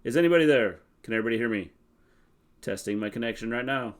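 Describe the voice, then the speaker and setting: A man's voice: medium pitch, animated, fast. A man co-hosting a casual live-stream recap, hedging his views and talking straight to viewers. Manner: chatty, hedging, talks to viewers. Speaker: co-host.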